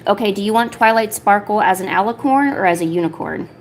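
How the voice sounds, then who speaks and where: A woman in her thirties, chatting casually on a livestream while she sketches, rambling with lots of filler words and cooing softly to her pet. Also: medium pitch, animated, fast talker, a little hiss or hum. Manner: soft, doting talk to her pet. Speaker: artist streamer.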